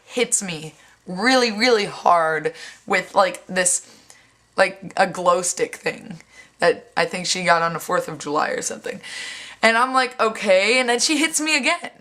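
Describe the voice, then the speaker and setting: A woman's voice: mid-range voice, measured pace. A young woman vlogging casually, acting out quoted lines and swearing bluntly, with lots of "like". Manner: animated, acts out other people's lines in quoted voices; frequent "like" fillers, blunt and sweary. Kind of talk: casual storytelling vlog.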